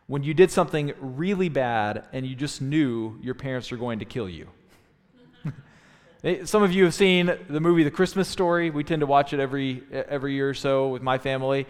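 Man preaching in a reverberant hall. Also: on the high side. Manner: thoughtful teaching tone with frequent restarts. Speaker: pastor. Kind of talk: sermon.

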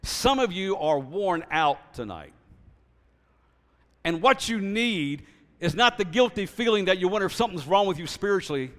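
A man preaching a sermon as pastor, stressing key words slowly and then dropping into a quiet storytelling voice. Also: high voice, animated, long reverb tail.

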